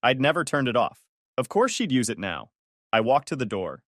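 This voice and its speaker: Sarcastic, lively male storyteller. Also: medium pitch, moderate pace, dry recording. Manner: sarcastic, dry humor. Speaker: narrator. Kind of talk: first-person story narration.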